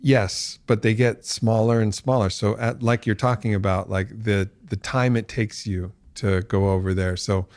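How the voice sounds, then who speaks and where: A man with a fairly low voice speaks as a podcast guest, recorded close and dry with no room sound. He talks in a reflective, candid way, slows to weigh his words, then turns lively and laughs as his storytelling builds. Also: dry recording. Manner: reflective, animated when telling a story, laughs often.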